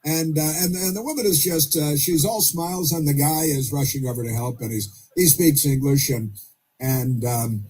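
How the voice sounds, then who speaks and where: A man hosting opinionated talk radio, speaking haltingly with many fillers and restarts and dropping sarcastic asides. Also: on the high side, darkish tone, slightly rough.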